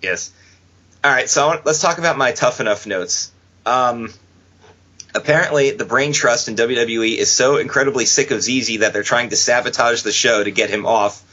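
A man hosting a casual podcast, chatting and joking with quick asides. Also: mid-range voice, pushed and bright. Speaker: podcast host. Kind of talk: casual wrestling podcast chat. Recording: dull lo-fi podcast audio.

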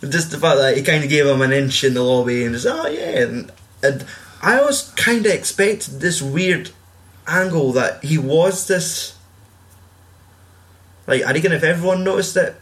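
A man's voice: a little high, moderate pace, a bit bright. Sweary man chatting about a film. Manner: swears a lot, acts out quotes in raised voices. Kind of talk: casual film chat.

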